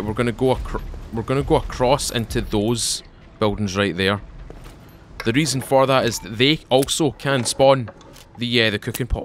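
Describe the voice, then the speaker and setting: A man's voice: mid-range voice, fairly bright tone, a little hiss or hum. A man hosting a let's play, chatting and joking as he plays and talking back to the enemies on screen. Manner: chatty, jokey, talks to game enemies. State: tired. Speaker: gaming channel host.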